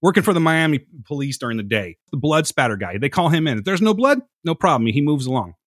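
A man's voice: fairly high pitch, big pitch swings, fast, no echo, studio quality. A man co-hosting a casual podcast, arguing heatedly, swearing and laughing often. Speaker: podcast co-host. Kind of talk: casual chat.

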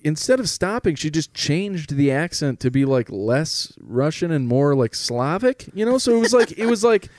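A man on a comedy podcast, his voice sitting a little high and swinging widely as he rambles through a crude anecdote. He swears freely and keeps the story loose and chatty. The sound is close and dry. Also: big pitch swings, moderate pace, few pauses, a little mellow, no room sound. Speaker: podcast co-host.

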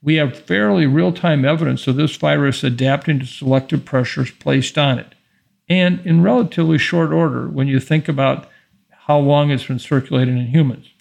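A man hosting an infectious-disease podcast, giving a measured, emphatic monologue and reading passages from an article aloud. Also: a little high, vocal fry, darkish tone.

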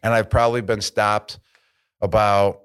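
A man in his thirties talks as a podcast guest, his voice sitting a bit low. He tells stories in a loose, casual way and acts out the other people in them. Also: unhurried, clean tone. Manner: animated storyteller, acts out quotes. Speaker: guest, retired football player. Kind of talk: casual interview chat.

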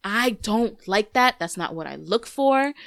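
A woman's voice: medium pitch, a little slow, creaky, dry recording. A woman in her thirties hosting a podcast, telling a story in casual, candid chat, cursing freely. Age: 30s. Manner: candid, profane, animated storytelling. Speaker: podcast host.

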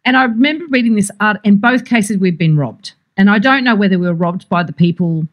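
A woman's voice: medium pitch, expressive, a little fast, lo-fi sound. An Australian woman co-hosting a podcast in casual chat, rambling through anecdotes and laughing often. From Sydney, Australia. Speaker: podcast co-host.

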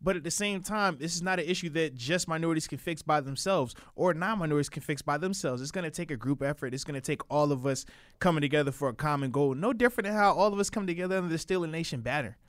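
A man's voice: on the high side, quick pace, no room sound. Man, radio co-host, preachy tone, dry close sound. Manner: earnest, preachy, emphatic. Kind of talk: sports radio commentary.

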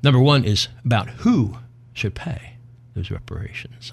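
A man's voice: medium pitch, expressive, a little slow, creaky, husky. A man hosting a talk show, chatting in a folksy, opinionated, half-joking way. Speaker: podcast host. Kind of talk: casual talk show banter.

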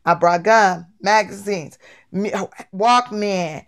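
A woman guest telling stories from her life in a casual, lively way, acting out the people she quotes. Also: mid-range voice, slow pace. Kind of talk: casual storytelling.

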